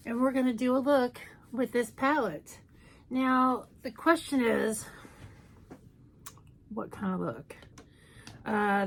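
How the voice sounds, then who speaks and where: A woman chatting casually through a makeup tutorial, playful and self-mocking. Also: fairly high pitch. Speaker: makeup YouTuber.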